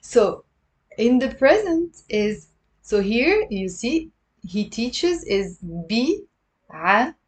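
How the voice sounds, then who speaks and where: A woman's voice: on the high side, very animated, slow. A woman giving a live-streamed language lesson to a webcam, explaining step by step, drilling pronunciation and answering viewer questions. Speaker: online Arabic teacher.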